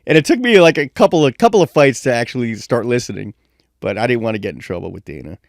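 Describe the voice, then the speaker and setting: A middle-aged man tells stories on a podcast, and his pitch rises and falls a lot. He acts out other people's lines in high voices. The room sounds dry and close. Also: quick pace, dry recording. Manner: animated storyteller, acts out quotes in high voices. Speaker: guest, MMA media veteran. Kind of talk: casual storytelling podcast chat.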